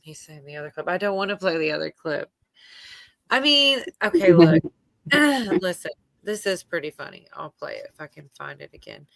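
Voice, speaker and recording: A woman host chatting casually on a late-night livestream, wandering from point to point with lots of ums and likes and frequent laughter. Her voice sits a bit low and the sound is close and dry. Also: big pitch swings, normal speed, gravelly, no room sound. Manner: rambling, laughs often, many fillers. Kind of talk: casual chat.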